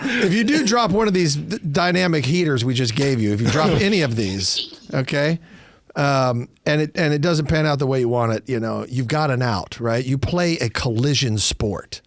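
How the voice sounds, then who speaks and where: A man, a comedian guest, giving emphatic advice in an animated, laughing way. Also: mid-range voice, normal speed. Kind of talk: comedic banter.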